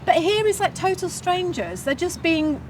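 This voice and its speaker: A woman's voice: very high-pitched, big pitch swings, moderate pace, distant mic, background noise. A woman co-hosting a podcast in casual chat, talking animatedly and laughing often, recorded outdoors in a garden. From New Zealand. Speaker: podcast co-host.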